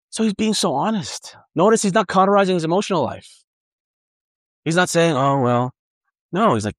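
A man's voice: fairly high pitch, lively intonation, normal speed, long pauses, no echo. A man preaching a sermon in an earnest, conversational way, often repeating and restarting phrases. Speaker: pastor.

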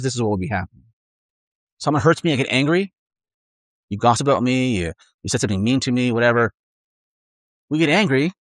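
Guy preaching a sermon, earnest and chatty, mid-pitched voice, dry close sound. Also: dry recording. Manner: earnest, conversational preaching with acted-out inner voices.

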